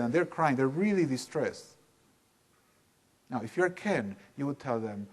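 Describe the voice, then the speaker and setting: A man leading a live seminar in a room with an audience, talking in an animated, emphatic way and putting questions to the listeners. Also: mid-range voice, unhurried. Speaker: workshop teacher.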